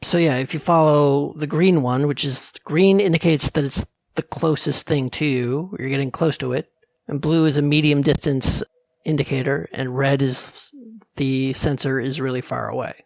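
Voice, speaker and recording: A man co-hosting a gaming podcast, explaining game updates in detail in a relaxed, chatty way. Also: fairly high pitch, normal speed, vocal fry, dry recording. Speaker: podcast co-host. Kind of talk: casual gaming podcast chat.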